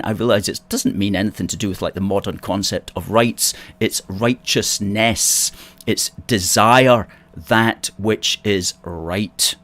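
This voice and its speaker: Deep-voiced Scottish man from Ayrshire. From Scotland, Ayrshire. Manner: chatty, reads out viewer comments, wry asides. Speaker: host of a political livestream. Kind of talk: casual livestream chat reading viewer comments.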